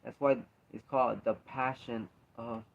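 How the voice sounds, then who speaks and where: A man's voice: medium pitch, steady tone, a little slow, vocal fry. A man in a casual faith talk, speaking earnestly and emphatically, repeating himself to drive points home. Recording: dull lo-fi recording.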